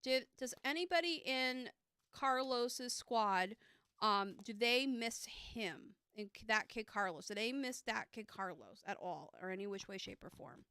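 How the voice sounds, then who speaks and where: A woman's voice: a little high, animated, unhurried, sharp tone, smooth, dry recording. A woman giving a live tarot reading, chatty and upbeat, with lots of fillers, speaking close to a streaming mic.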